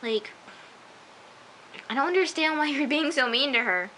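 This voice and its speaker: Casual vlogger, female, bright, slightly high voice, chatty and emphatic, light hiss. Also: normal speed, poor audio. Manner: chatty, emphatic, often says "I'm just like". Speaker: TV episode reviewer. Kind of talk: casual recap vlog.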